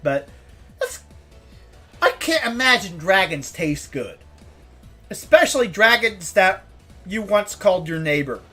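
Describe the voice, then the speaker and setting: A woman's voice: fairly low pitch, a bit bright. A woman streamer chatting casually, ranting and swearing with frequent laughter.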